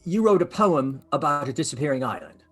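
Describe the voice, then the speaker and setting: A man roleplaying in a tabletop game, peppering the game master with eager questions. His voice is slightly husky, and his pitch swings widely. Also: sing-song, a bit bright, soft background music. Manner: eager, inquisitive, rapid questions. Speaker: player.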